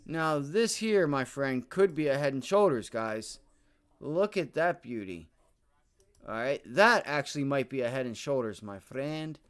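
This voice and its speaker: A man hosting a live day-trading stream, talking casually to viewers while reading charts, muttering, cursing at his software and tossing in "right?" and "my friend" all the time. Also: medium pitch, expressive, a little slow. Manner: repeats filler words like right and my friend. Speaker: livestream day trading host.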